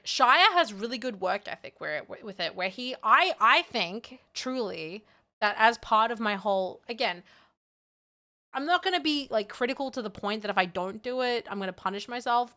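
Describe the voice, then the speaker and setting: Bright-voiced woman streamer, rambling. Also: mid-range voice. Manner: rambling, candid, self-deprecating, laughs often. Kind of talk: casual live-stream chat.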